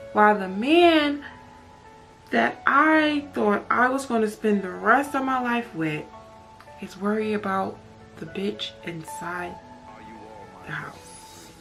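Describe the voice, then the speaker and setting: A woman pours out a personal story in a storytime vlog, raw and emotional, peppering it with "like" and swear words. She talks slowly at a middle pitch. Faint music plays behind her. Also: vocal fry, a bit bright. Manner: emotional, candid, heavy use of "like" and profanity. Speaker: vlogger.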